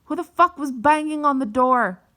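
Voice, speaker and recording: A woman's voice: sits high, moderate pace, voice pushed up. Brief: woman doing an enraged mother, cursing and threatening, in an everyday voice. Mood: yelling. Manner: yelling, cursing. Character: abusive mother, furious and threatening.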